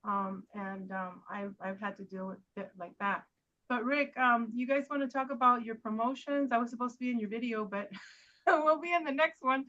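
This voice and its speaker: A woman's voice: on the high side, steady tone, moderate pace, a bit bright, highs cut off. A woman hosting a casual chat who rambles and talks straight to her guests. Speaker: host.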